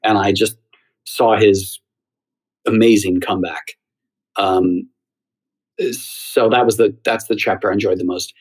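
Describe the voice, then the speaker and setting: A middle-aged man from the United States, a theater critic, telling lively stories as a guest in an interview. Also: on the low side, measured pace, long pauses, slightly rough, poor audio. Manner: animated storyteller who acts out quoted voices. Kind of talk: anecdotal interview storytelling.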